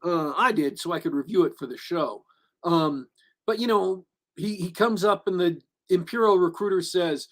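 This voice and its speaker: A man's voice: a little high, animated, measured pace, fairly bright tone. A man co-hosting a podcast, reviewing a movie in casual chat. He rambles with many restarts and fillers and gets emphatic when he gives his opinions. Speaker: podcast co-host.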